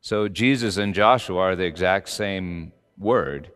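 Male pastor, deep smooth voice, explains scripture casually; reverberant church hall, soft music. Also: measured pace. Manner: conversational, explaining. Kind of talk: sermon before communion.

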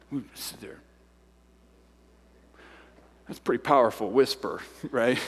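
A man preaching a sermon to a congregation. He acts out voices and swings from excited shouts down to hushed whispers. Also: high voice, in a large hall. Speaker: pastor. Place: large church hall.

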